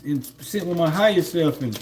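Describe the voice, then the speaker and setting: Livestreaming from home, a man rambles through a casual spiritual monologue, relaxed and full of fillers and laughs. His voice is fairly high and darkish in tone, animated and a little fast, with slight background noise.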